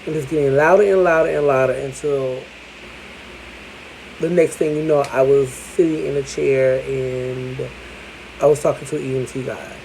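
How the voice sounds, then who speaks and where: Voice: mid-range voice, steady tone, normal speed, creaky, a little mellow, slight background noise, rough recording. A vlogger telling a personal story to the camera in a candid, chatty way, with casual swearing.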